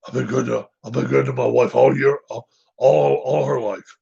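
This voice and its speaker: Brief: a man putting on a low, gruff football coach, whining and self-pitying, on a dull lo-fi recording. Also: fairly even intonation, normal speed, mellow, heavily acted. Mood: whiny lament. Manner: whiny, mournful lament.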